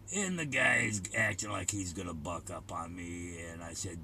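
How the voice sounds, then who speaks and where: Gravelly, blunt older man telling a story. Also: deep voice, moderate pace, hardly any pauses, sharp tone, a little hiss or hum. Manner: blunt, crude, profane. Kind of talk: casual spoken storytelling.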